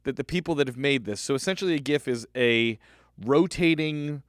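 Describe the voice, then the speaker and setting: A man hosting a holiday podcast in casual, upbeat banter, chatty and quick to laugh. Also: mid-range voice, clear, resonant tone, no room sound, clean studio sound. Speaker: podcast host.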